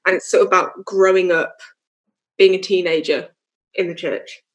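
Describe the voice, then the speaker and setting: A woman's voice: on the low side, fairly even intonation, normal speed. A young woman musician chatting casually in an interview, with lots of fillers and easy laughter. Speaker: musician guest.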